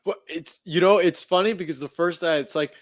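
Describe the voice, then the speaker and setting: A man with a Canadian accent hosting a sports podcast, reacting warmly and signing off the show. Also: a little high, a little fast, dry recording. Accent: Canadian English. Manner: friendly, upbeat reactions and sign-off. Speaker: podcast host. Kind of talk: casual sports podcast chat.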